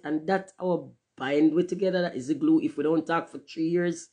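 Speaking a little fast with few pauses and fairly even intonation, a female channel host gives a candid, casual livestream monologue. Profanity comes freely, her volume shifts from loud emphasis to quiet murmurs, and patois slips into her phrasing.

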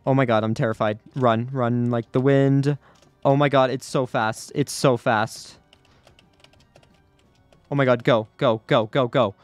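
Nervous guy talking thru his game run, keeps repeating himself, dry sound, quiet game music under it. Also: mid-range voice, steady tone, measured pace, long pauses, no echo. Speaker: gaming YouTuber. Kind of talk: live gameplay commentary.

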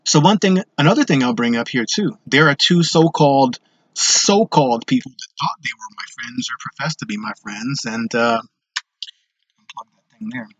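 A man's voice: medium pitch, lively intonation, moderate pace, fairly bright tone, breathy edge, no room sound, highs cut off. A man hosting his own show, telling a personal story in a blunt, rambling way, swearing constantly. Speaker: show host. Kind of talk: profane personal storytelling monologue.

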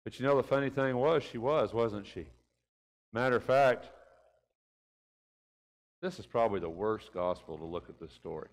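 A man's voice: medium pitch, normal speed, long pauses. A man teaching a conversational Bible class in church, in a folksy way, often tagging his points with questions like "right?" and "didn't he?". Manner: folksy, keeps asking rhetorical tag questions. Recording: reverberant church room.

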